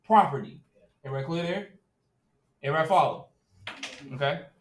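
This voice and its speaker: His voice on the high side and a little fast, a male teacher delivers a casual, straightforward classroom lecture, often confirming students understand. Echo fills the room, and he sometimes drifts away from the mic.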